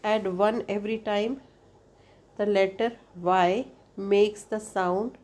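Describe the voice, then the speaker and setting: Woman english teacher, slow and steady, keeps repeating stuff and asking right?, mid pitch. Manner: repeats points, spells out vowels one by one; frequent "right?" checks with the listener. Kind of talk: explanatory lesson.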